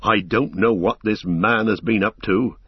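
A man's voice: lowish voice, fairly even intonation, unhurried, husky, no echo, muffled recording. A man reading aloud, voicing a loyal, worried male hobbit servant. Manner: earnest, rustic and worried.

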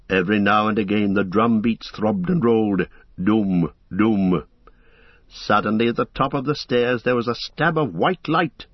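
Husky male audiobook narrator. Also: on the low side, dry recording, highs cut off. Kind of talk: audiobook reading.

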